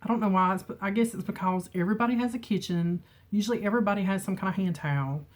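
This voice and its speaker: A woman's voice: medium pitch, fast talker. Chatty, emotional woman vlogging at home. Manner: chatty, emotional, laughs often. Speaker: beauty vlogger. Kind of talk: casual chat. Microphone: camera mic with ring light.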